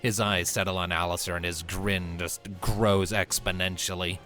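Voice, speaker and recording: A man running a tabletop game as game master, narrating scenes in a relaxed, descriptive way with casual fillers. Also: low voice, moderate pace, faint music behind.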